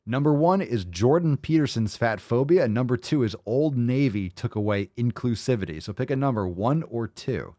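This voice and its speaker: A man's voice: mid-range voice, animated, moderate pace, hardly any pauses, mellow. A man hosting a podcast who reacts to clips in a mocking, profane, sarcastic way. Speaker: podcast host. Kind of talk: casual podcast reaction commentary.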